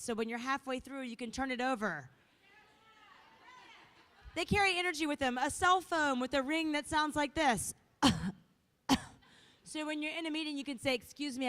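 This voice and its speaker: Bubbly woman emceeing a conference. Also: high-pitched. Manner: bubbly and playful, lively delivery. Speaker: event emcee. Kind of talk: energetic stage hosting. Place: conference hall.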